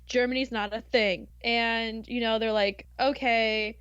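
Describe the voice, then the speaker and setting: An American woman hosting a podcast, telling history in a casual, giggly, animated way with playful asides. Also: fairly high pitch, a little slow, clean tone, no room sound, lo-fi sound. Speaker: podcast host.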